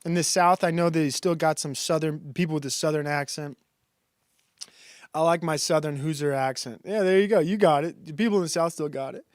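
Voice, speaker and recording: A man rambles through a casual monologue on a stream, stopping and restarting his sentences. His voice is smooth and fairly high for a man. He is recorded close and dry, with no room sound. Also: fairly even intonation, no echo. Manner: rambling, halting, many fillers and restarts.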